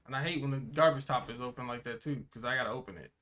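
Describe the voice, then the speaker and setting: A man's voice: mid-range voice, very fast, sharp tone. A young man co-hosting a reaction video, giving slangy, jokey running commentary as he watches.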